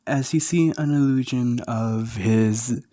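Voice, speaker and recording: A man narrating a fan story in a halting, hesitant way, speaking quietly with a sore throat. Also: medium pitch, no room sound.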